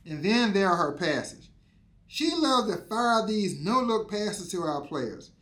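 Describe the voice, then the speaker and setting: A man's voice: high-pitched, very animated, slow pace, fairly bright tone. A man giving a motivational teaching talk, preachy and emphatic with lots of repetition. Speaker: insurance exam coach.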